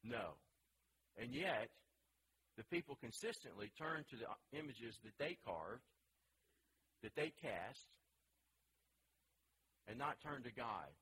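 A man leads a Bible study, reading passages aloud and then working through them with a string of questions to his class. His voice is bright and forward, set at a middling pitch for a man. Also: animated, slow, pauses often, slight background noise, rough recording.

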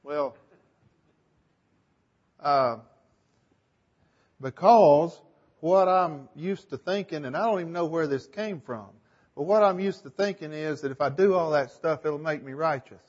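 A man's voice: on the high side, measured pace, long pauses, darkish tone, dull audio. A man leading a group Bible discussion, thinking aloud and asking the group questions. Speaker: Bible study leader.

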